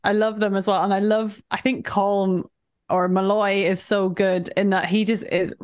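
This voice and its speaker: A woman's voice: medium pitch, little pitch movement, moderate pace. A woman co-hosting a podcast, chatting casually about a movie and laughing along. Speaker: podcast co-host.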